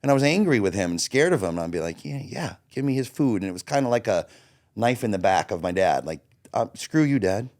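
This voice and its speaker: Blunt, swearing man in his forties. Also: sits low. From Florida. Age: 40s. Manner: blunt, swears freely, animated when quoting himself. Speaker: interview guest. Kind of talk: candid personal storytelling.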